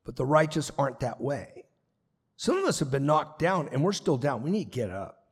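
A man's voice: mid-range voice, very animated, normal speed, breathy edge. A man pastor preaching a sermon, earnest and emphatic, repeating his points. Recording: long reverb of a large hall.

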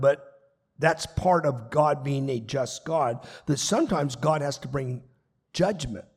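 A man's voice: a little high, husky. A man pastor preaching a sermon, earnest and emphatic, repeating his points. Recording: long reverb of a large hall.

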